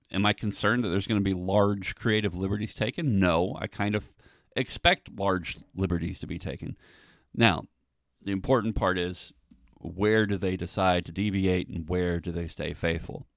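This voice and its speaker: A man's voice: low voice, creaky, no echo, studio quality. A man hosting a solo podcast, talking casually in a rambling way with many ums and restarts. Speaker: podcast host.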